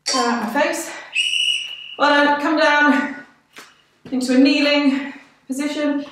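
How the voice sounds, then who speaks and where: A woman's voice: sits high, steady tone, slow, fairly bright tone, a little hiss or hum. A woman leading a live workout, cheerful and encouraging, out of breath between exercises. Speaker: fitness instructor. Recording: echoey room, voice from a distance.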